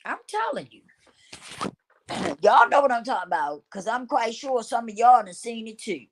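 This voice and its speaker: A woman's voice: fairly high pitch, sing-song, normal speed. A woman vlogger in a blunt, repetitive talking-to-camera rant who swears casually and laughs often.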